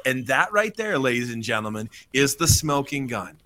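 A male sports talk host gives an energetic recap of a story. His pitch swings widely as he drifts in and out of impressions. He talks at a middle pitch with plenty of life. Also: normal speed. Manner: energetic retelling, slips into voices.

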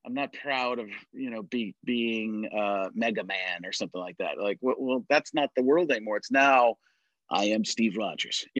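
A man in casual conversation tells stories with lively energy, now and then dropping into an impression. His voice sits at an ordinary pitch, and the recording is dry and close. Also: normal speed, few pauses, dry recording, lo-fi sound. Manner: animated storyteller, drops into impressions. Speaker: podcast guest, impressionist. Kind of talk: casual chat.

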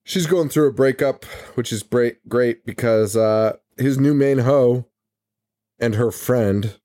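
Male podcast host, mellow tone, dry close sound, swears a lot, rambling. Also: medium pitch, slow pace, no echo. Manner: profane, rambling, laughs often. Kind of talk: casual movie-review chat.

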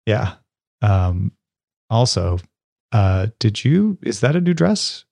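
A man co-hosting a book podcast in a relaxed, jokey chat, laughing often. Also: on the low side, slow, vocal fry, no echo, clean studio sound. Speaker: podcast co-host. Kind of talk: casual chat.

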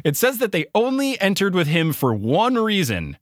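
Man, podcast host, lively pitch, dry close sound, chatty storyteller. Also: normal speed, no echo. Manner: animated storyteller, joking asides. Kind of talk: casual book recap chat.

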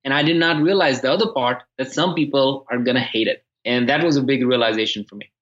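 A man talking through his experiences as an author in a casual conversation, stopping and repeating words as he goes and growing animated in his stories. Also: medium pitch, highs cut off. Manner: halting, repeats words when restarting, animated when telling stories. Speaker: podcast guest and author.

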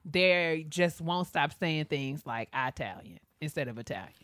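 A young woman co-hosting a podcast in casual chat, animated and laughing as she acts out her relatives. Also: low voice, unhurried, no echo, studio quality. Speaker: podcast co-host.

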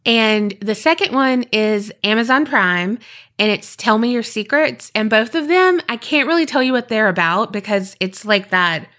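A woman's voice: a little high, expressive, moderate pace, fairly bright tone. A woman with a Southern US accent, co-hosting a podcast with rambling, chatty talk and then telling a story. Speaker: podcast co-host. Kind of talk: casual chat and storytelling.

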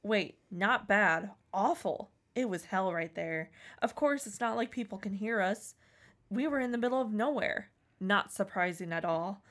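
A woman's voice: mid-range voice, animated, a little slow, a bit bright. A young woman reading her teenage fan fiction aloud, theatrical, her voice jumping up for the quoted lines. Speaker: co-host reading her old writing aloud.

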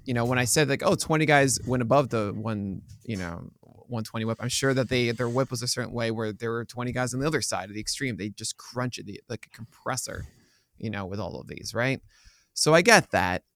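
A man's voice: mid-range voice, a little fast, a bit bright, no echo. A man co-hosting a casual sports podcast, telling stories with a joking, teasing manner. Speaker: podcast co-host.

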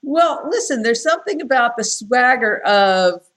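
A woman talking as a guest on a podcast, candid and animated, telling stories with enthusiasm. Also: a little high, normal speed, slight background noise. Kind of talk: casual podcast conversation.

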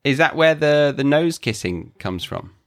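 A man's voice: fairly high pitch, lively intonation, measured pace. A man with a British accent hosting a podcast, easygoing and chatty, mostly answering with short agreeing replies. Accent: British English. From Britain. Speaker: podcast host. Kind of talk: casual chat and podcast outro.

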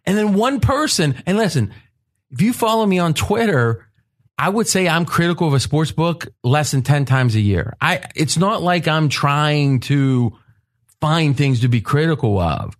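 A man hosting a betting podcast roundtable, telling stories in an animated way and laughing often. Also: fairly high pitch, normal speed. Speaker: podcast host. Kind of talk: casual roundtable talk.

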